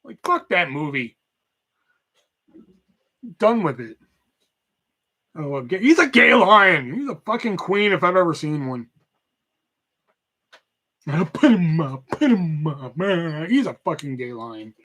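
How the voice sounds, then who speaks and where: A man's voice: on the high side, sing-song, slow, long pauses, bright, forceful tone. A man hosting a podcast, ranting casually and animatedly with heavy swearing. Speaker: podcast host. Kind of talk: casual profane rant.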